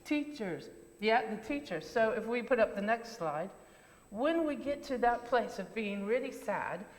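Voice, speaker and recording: Woman, children's talk leader in church; higher voice, gently questioning, long church reverb. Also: lively intonation, a little slow. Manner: questioning, encouraging, simple words for children.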